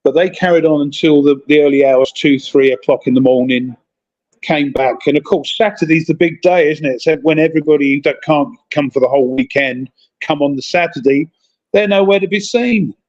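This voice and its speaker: A man's voice: on the high side, moderate pace, darkish tone, muffled recording. A man in casual chat, telling rambling stories while calling in from a convention hotel. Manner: rambling, chatty storytelling.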